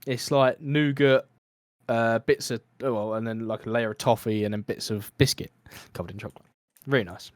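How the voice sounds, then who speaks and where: A man's voice: medium pitch, moderate pace, dry recording, clean studio sound. A British man hosting a casual comedy podcast, telling a story with lots of laughs. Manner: lively storyteller, laughs often. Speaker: podcast host.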